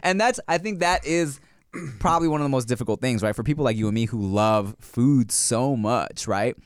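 A man in his thirties talks casually with a co-host, rambling through fillers and swearing freely. His pitch swings widely between lively highs and low mutters, and the sound is dry and close to the mic. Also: moderate pace, clear, resonant tone, no echo. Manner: rambling, profane, lots of fillers and laughter. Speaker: podcast co-host. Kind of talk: casual chat.

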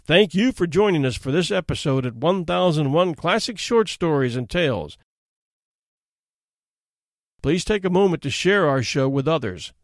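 A man who hosts a podcast and narrates a classic short story in an expressive, dramatic storytelling manner. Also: fairly high pitch, moderate pace, no room sound, clean studio sound.

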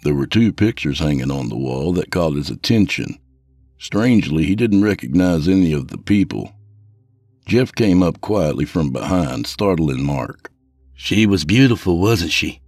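A man reading a scripted horror tale in a measured, even storytelling voice. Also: rumbling low, dry recording.

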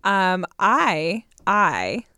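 A woman's voice: mid-range voice, sing-song, drawn-out words, pushed and bright, clean tone, no room sound. Giggly chatty woman, dry sound. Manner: chatty, laughing storyteller with many restarts. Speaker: co-host. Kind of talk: casual chat.

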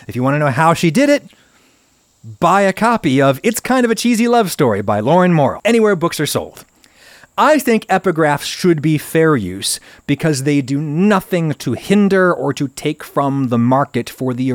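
A man giving an opinionated explanatory commentary on a video, talking in an animated way that climbs into emphatic outbursts. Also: mid-range voice, dry recording. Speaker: video essayist.

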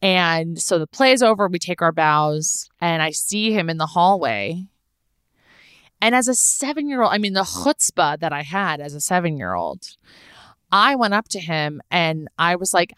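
A woman in her thirties from Los Angeles, chatting on a podcast and telling a lively, swearing story. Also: on the low side, moderate pace, smooth, dry recording, studio quality. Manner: animated, swearing, laughing storyteller. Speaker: podcast host. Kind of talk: casual storytelling chat.

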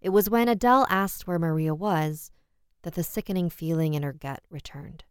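A woman narrating a scripted horror story, measured and dramatic. Her voice is low, smooth and resonant. The recording is dry and close, with no room sound. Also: no room sound.

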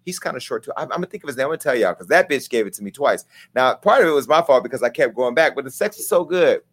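A man's voice: mid-range voice, expressive, very fast. Brash comedic gossip host, man. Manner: brash, candid, comedic storytelling. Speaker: talk show host. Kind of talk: gossip commentary.

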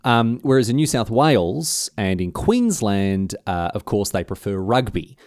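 Wry Australian man with a lowish voice. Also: very animated, measured pace, darkish tone, dry recording, clean studio sound. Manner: wry, joking, stumbles and restarts. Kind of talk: casual history explainer.

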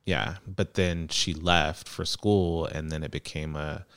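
Very deep, gravelly man chatting. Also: fairly even intonation, slow, a bit bright, no room sound. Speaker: podcast co-host. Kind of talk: casual chat.

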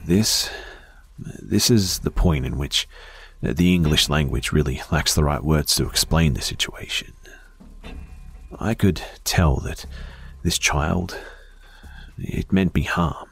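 Low husky man narrating horror. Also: faint music behind. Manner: slow, hushed storytelling with frequent whispers.

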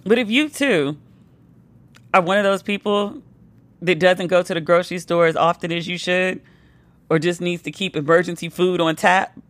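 A woman's voice: on the low side, no room sound. A woman hosting a podcast, tipsy and telling a playful story in a casual monologue, now and then mimicking her friends. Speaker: podcast host.

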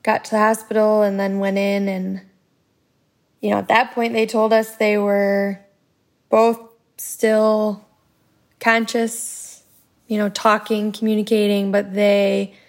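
Gravelly, flat-voiced woman recounting. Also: medium pitch. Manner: halting retelling with many fillers. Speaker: bereaved wife interviewed. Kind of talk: recounted interview testimony.

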